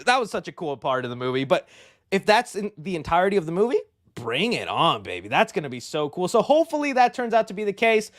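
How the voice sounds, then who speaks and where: A man hosting a movie news show, talking in an excitable, slangy and rambling way. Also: high-pitched, fast, no echo, studio quality. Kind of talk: casual movie news commentary.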